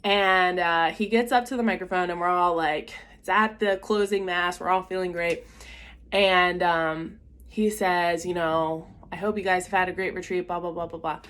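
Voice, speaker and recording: A woman's voice: fairly low pitch, steady tone, moderate pace, a bit bright, clean tone. A young woman telling a personal faith story in a casual, chatty way, with lots of fillers and acted-out quotes. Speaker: vlogger sharing a faith story.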